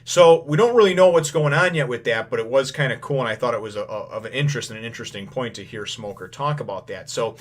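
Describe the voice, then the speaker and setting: Male host, mid-pitched, casual first-impressions recap, rambling, loose paraphrased dialogue. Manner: rambling, full of filler phrases; acts out lines in quick paraphrase. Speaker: manga chapter reviewer.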